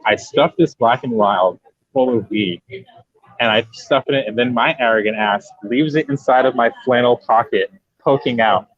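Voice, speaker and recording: Lively joking man telling stories. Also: mid-range voice, moderate pace, no room sound. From New Bedford, Massachusetts. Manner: lively, joking, emphatic, swears freely. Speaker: actor, podcast guest. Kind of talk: casual storytelling chat. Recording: dull lo-fi podcast audio.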